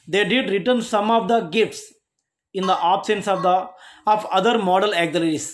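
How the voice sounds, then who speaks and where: Speaking with an Indian English accent at a medium pitch, a college lecturer walks through a grammar lesson, pausing frequently and starting sentences over to explain every example.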